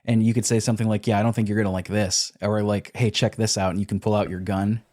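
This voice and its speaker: A man's voice: lowish voice, flat delivery, fast, a little mellow. A man on a podcast, casually retelling video game quests and acting out character lines as he goes. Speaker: podcast co-host.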